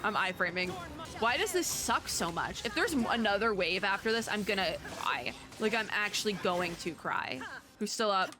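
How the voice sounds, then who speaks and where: A young woman doing let's play commentary on a video game, animated and chatty, laughing to herself. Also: mid-range voice, moderate pace, music in the background. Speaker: gaming YouTuber.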